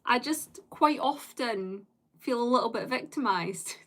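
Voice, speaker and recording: British woman streamer, bright higher voice, rambling casual chatter with viewers, laughs easily. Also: animated, unhurried. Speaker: live streamer. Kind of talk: casual live-stream chat answering viewers.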